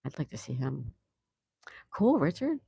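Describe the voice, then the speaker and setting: A woman's voice: low-pitched, sing-song, a little slow, creaky, mellow, slightly rough. A woman hosting a casual live stream, chatting and laughing as she greets viewers and answers their comments. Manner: laughs often. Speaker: livestream host. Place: home in Florida.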